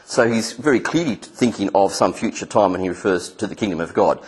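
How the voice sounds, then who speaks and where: A man's voice: brisk, breathy edge. A man preaching a sermon who walks his listeners through a hands-on exercise and jumps into angry voices to act out the people he describes. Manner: acts out angry voices with sudden pitch jumps.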